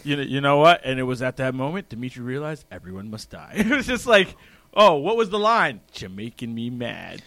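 A man's voice: on the high side, a little fast, dry recording. A man co-hosting a podcast in a small studio, bantering casually, joking and laughing easily. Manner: animated, laughs easily, jokey. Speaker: podcast co-host.

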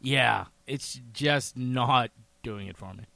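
A man's voice: medium pitch, slow, gravelly, bright, forceful tone, no room sound. A middle-aged man from Massachusetts, hosting a radio talk show with blunt, joking opinions. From Massachusetts, USA. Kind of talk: casual on-air chat.

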